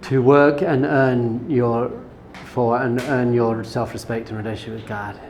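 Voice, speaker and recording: A rabbi giving an informal Torah lesson, talking conversationally, repeating words for emphasis and telling personal stories. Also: male voice, mid-range voice, steady tone, measured pace, darkish tone, slight background noise. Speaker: rabbi teaching a class.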